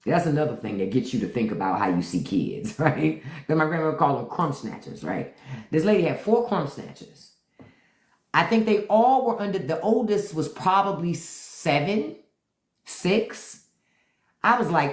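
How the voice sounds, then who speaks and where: Middle-aged woman host, lively swooping delivery, low voice, blunt and profane, in an echoey room. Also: a little slow. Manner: blunt, profane, animated storytelling. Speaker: host of a live stream. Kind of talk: casual live-stream chat with viewers.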